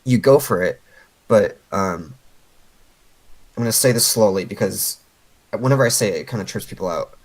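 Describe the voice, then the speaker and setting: A man's voice: lowish voice, lively intonation, normal speed, long pauses, rough recording. Patient man coaching over a voice call. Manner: patient, explains step by step with many fillers. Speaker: game coach.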